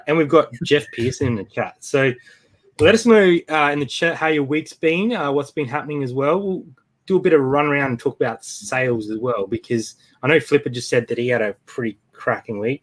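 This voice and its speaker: Man, Australian accent, relaxed live-stream host, mid pitch. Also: fairly quick. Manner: laid-back, reads out chat names. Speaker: co-host of a live reselling show. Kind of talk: casual live-stream chat.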